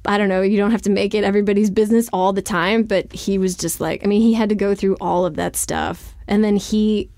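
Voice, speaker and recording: A woman's voice: medium pitch, steady tone, fairly quick, hardly any pauses, mellow, no echo, studio quality. A woman author being interviewed, talking frankly and casually with lots of "like". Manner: chatty, frank, fills speech with "like". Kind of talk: candid conversational interview.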